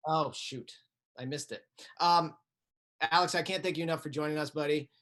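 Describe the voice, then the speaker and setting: A man's voice: on the high side, fairly even intonation, moderate pace, a bit bright. A man hosting a livestream over a video call, chatting in a friendly, easygoing way. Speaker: livestream host. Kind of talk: casual chat.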